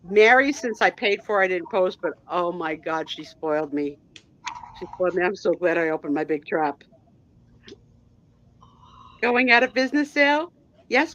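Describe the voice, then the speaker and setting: A woman's voice: on the low side, a bit bright, lo-fi sound. A woman chatting casually as a guest on a live stream, rambling with restarts over a video call. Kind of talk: casual chat.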